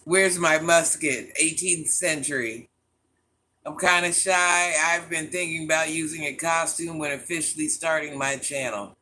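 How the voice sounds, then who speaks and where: A man talking casually to camera, gushing and swooning, sometimes dropping soft and low as he muses. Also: fairly even intonation, normal speed. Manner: gushing, dreamy, swooning over things he loves.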